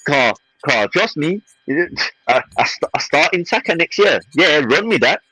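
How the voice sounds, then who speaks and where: A man's voice: a little high, big pitch swings, moderate pace, bright, forceful tone, slightly rough, dry recording, low-quality recording. A man co-hosting a podcast, in fiery and mocking football banter, repeating himself. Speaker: podcast co-host.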